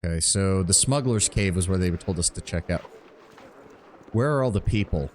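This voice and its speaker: A man's voice: low-pitched, animated, moderate pace, a little mellow, slight background noise. A man giving casual, rambling live commentary while streaming a game, thinking aloud and swearing freely.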